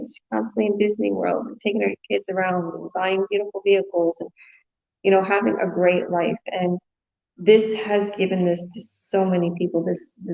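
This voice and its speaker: A woman's voice: on the low side, vocal fry, darkish tone, dull audio. A woman hosting a casual online business chat, upbeat, encouraging and rambling as she talks. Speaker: host.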